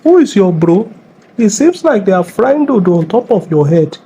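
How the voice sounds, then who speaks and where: A man's voice: sits high, very animated, normal speed, dark tone, breathy edge, exaggerated voice. A man playing a mocking Nigerian cop. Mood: scolding. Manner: scolding, mocking, bossy. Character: bullying middle-aged male traffic cop. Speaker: police officer character in a comedy skit.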